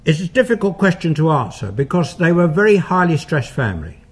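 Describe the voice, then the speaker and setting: A man's voice: on the high side, big pitch swings, brisk, slightly rough. An older man, a paranormal investigator, giving a public talk and taking audience questions, in a conversational, anecdotal way with asides and fillers.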